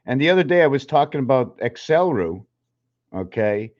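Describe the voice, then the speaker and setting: A man hosting his own channel, musing in a halting way, counting and spelling things aloud while drawing, a little out of breath. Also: mid-range voice, big pitch swings, a little mellow. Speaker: channel host. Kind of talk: rambling numerology talk while drawing. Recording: slightly dull lo-fi recording.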